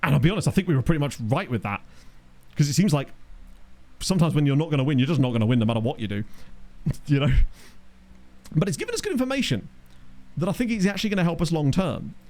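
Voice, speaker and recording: A man's voice: a little high, sing-song, quick pace, pauses often, darkish tone. A man streaming a football management game, chatting casually with his chat, rambling and joking as he plays. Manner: rambling, jokey, reacts to chat. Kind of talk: casual live-stream commentary. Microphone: desk microphone.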